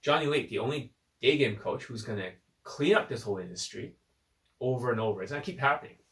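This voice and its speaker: A man's voice: medium pitch, fast talker, echoey room, far from the mic. A man giving a blunt, profane, combative unscripted rant to camera as a dating coach, recorded on his phone.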